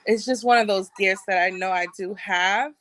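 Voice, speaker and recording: A woman's voice: mid-range voice, steady tone, moderate pace, a bit bright, dry recording, rough recording. A woman calling in to a live psychic show, hesitant and apologetic, often giggling between words. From Florida. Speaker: caller. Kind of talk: casual call-in chat. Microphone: video call.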